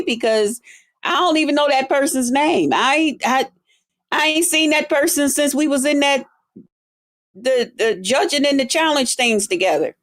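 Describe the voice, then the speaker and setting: A woman hosts a casual livestream and talks back to viewer comments. Her delivery is sassy and animated, with sudden high exclamations and low, muttered asides. Her voice sits a little high, and she speaks slowly and drawls. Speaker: livestream host reading comments.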